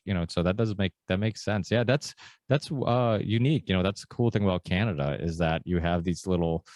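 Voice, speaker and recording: A man's voice: low-pitched, a little mellow, no echo, studio quality. A man hosting a podcast, chatting easily and telling stories in a loose, conversational way. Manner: easygoing, chatty, quotes himself with "I'm like". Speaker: podcast host. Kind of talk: casual podcast chat.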